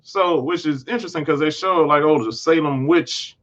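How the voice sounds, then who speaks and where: A man's voice: on the high side, normal speed, fairly bright tone, lo-fi sound. A man hosting a casual TV episode recap, rambling along with frequent restarts and self-corrections. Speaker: host.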